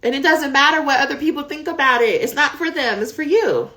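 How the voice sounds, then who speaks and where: A woman coaches dissertation writers in a live question-and-answer session. Her fairly high voice stays candid and conversational, and she speaks straight to her viewers as y'all. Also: a little fast, sharp tone.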